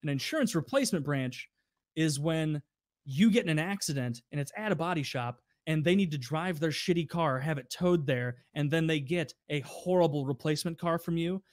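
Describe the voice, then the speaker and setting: Animated storytelling man, dry close mic. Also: a little high, normal speed, dry recording. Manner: animated, profane, acts out customers in raised voices. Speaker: podcast co-host telling stories. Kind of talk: casual storytelling.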